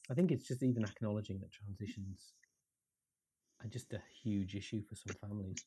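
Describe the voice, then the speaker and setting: A man's voice: fairly low pitch, fairly even intonation, fairly quick, dark tone, husky. A man co-hosting a podcast over a call, thoughtful and self-questioning, with false starts. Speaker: podcast co-host. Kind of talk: casual podcast chat.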